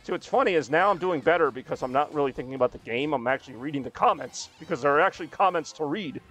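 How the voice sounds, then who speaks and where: A man's voice: a little high, animated, fast, fairly bright tone, faint music behind. A man streaming a racing game, chatting casually with a rambling, self-deprecating, joking manner. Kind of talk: casual live-stream chat while playing.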